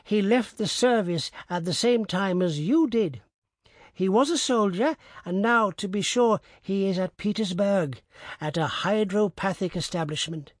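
A man's voice: sits high, a little slow, no echo, studio quality, pitched above the performer's own voice. A man doing a frail, weak-voiced old peasant. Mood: meek.

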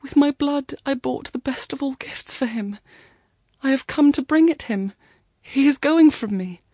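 A woman's voice: fairly high pitch, steady tone, moderate pace, dark tone, no room sound, voice pushed up, close to an everyday voice. A woman voicing a young woman who pleads intensely for the man she loves. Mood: anguished. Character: young woman pleading desperately for her beloved.

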